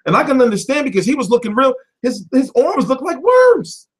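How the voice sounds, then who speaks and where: A man hosting a boxing livestream from home, ranting off the cuff with lots of swearing, switching between loud outbursts and mumbled asides. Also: extremely high pitch, very animated, fast, few pauses, slightly rough. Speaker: boxing commentary livestream host. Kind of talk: profane off-the-cuff rant.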